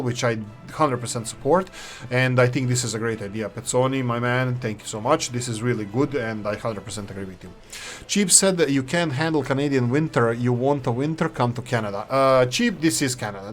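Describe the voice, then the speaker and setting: A man, hosting casual gameplay commentary in a rambling, opinionated way. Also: mid-range voice. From former Yugoslavia. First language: Serbo-Croatian. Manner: rambling, opinionated, self-correcting. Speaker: gaming channel host.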